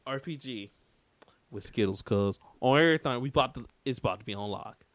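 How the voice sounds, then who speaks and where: A man co-hosting a casual podcast about games, laughing often and talking in lively slang. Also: medium pitch, brisk, dry recording. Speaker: podcast co-host.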